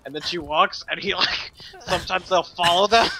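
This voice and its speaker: A man's voice: sits high, fairly even intonation, moderate pace, noisy background. A man co-hosting a casual comedy chat, giggling and acting out every voice. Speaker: co-host.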